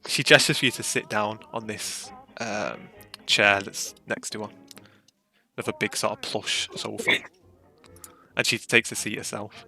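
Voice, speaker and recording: A man's voice: fairly low pitch, steady tone, measured pace, gravelly, pushed and bright, faint music behind. A man narrating a tabletop game as game master, chatty and joking. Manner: chatty, jokey, restarts often.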